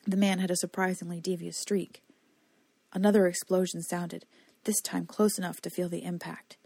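A woman reading a novel aloud as audiobook narrator in steady storytelling. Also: on the low side, normal speed, gravelly, slightly rough, dry recording. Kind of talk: scripted narration.

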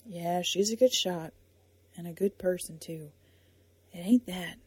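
A woman reading a storybook, voicing a quiet, earnest young man who speaks in a hushed, halting way. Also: sits high, husky, no echo, heavily acted. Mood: subdued.

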